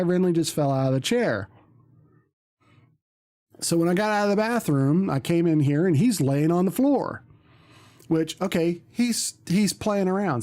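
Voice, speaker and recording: A man's voice: on the high side, mellow. A man, a streamer, telling a story in casual chat, rambling with many ums and restarts.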